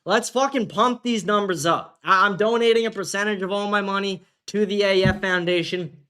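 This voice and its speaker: A man's voice: sits high, fairly even intonation, moderate pace, pushed and bright, smooth. A man hosting a livestream, ranting casually and combatively with a lot of profanity. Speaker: livestream host.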